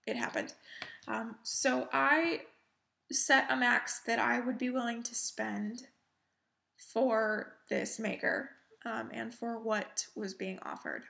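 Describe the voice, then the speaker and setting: A woman talks slowly and unhurriedly as she hosts her cross-stitch video, in a casual show-and-tell chat. Her voice sits a little high and carries a gravelly, fry-tinged edge. She is chatty and pokes fun at herself. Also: steady tone. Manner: chatty and self-deprecating, with soft laughs.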